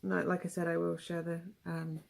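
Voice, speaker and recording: Woman, West Country English accent, gravelly low voice, chatty and rambling tarot reader. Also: monotone, normal speed. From England. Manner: chatty, rambling, with frequent ums and asides. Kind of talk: casual tarot reading.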